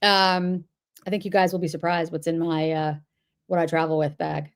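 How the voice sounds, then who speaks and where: A woman's voice: on the low side, little pitch movement, normal speed, smooth. A middle-aged woman from the Boston area, chatting casually on a livestream and answering viewers' comments as she goes. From Boston area, New England. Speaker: livestream host.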